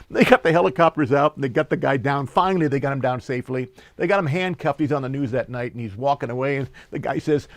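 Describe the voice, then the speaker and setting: A man preaching a sermon and reading scripture, telling stories with lively energy and slowing down for emphasis. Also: a little high, dry recording. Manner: animated storyteller, slows for emphasis, laughs while telling. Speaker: pastor.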